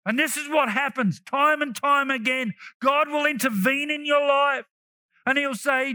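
A male pastor preaching a sermon, animated and emphatic, breaking into shouts and joking asides. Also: very high-pitched, a little slow, no echo.

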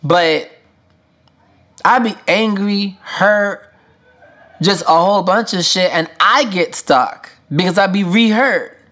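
A man's voice: high-pitched, slow, long pauses, pushed and bright. A man hosting a podcast, talking through his feelings in a candid, emotional solo monologue, swearing freely with casual slang and lots of fillers. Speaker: podcast host.

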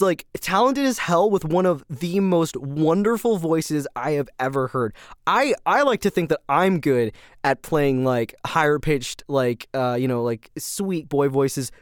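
Man, podcast host, casual ramble, gushing, excitable, smooth clear voice, dry close sound. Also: on the high side, no room sound. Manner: gushing, excitable, lots of fillers and laughs.

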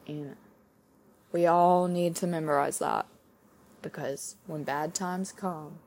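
A young woman hosting her own podcast, giving a halting, heartfelt faith testimony with soft laughs while tearful from crying. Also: sits low, steady tone. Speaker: podcast host.

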